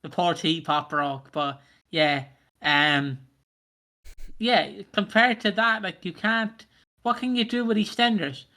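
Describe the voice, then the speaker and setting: A man's voice: high-pitched, fairly even intonation, slow, bright, forceful tone. A man co-hosting a podcast, ranting in casual chat with plenty of swearing and mocking put-on voices. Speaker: podcast co-host.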